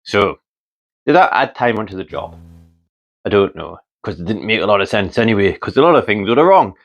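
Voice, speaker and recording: A Geordie builder from North East England vlogs a jokey, mock-dramatic monologue to camera, teasing and swearing casually. His lowish voice is expressive and a little fast. The recording sounds muffled.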